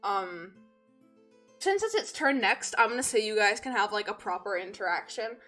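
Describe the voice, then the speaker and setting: A woman's voice: medium pitch, animated, normal speed, pushed and bright, soft background music. A woman narrating as game master of a tabletop game, rambling and full of fillers.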